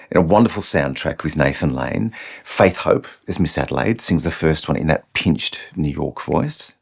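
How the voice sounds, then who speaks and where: A man teaching singing technique in an instructional video, explaining each idea clearly. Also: very deep voice, a little mellow. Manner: explains clearly, breaks off to sing short demonstrations.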